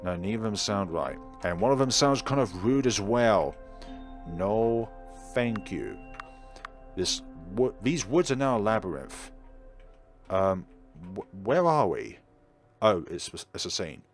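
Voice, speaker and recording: Casting: a jokey let's-play commentator, a low male voice with a lively, animated delivery over faint game music. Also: measured pace. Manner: playful, jokey asides. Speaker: let's player. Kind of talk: gameplay commentary.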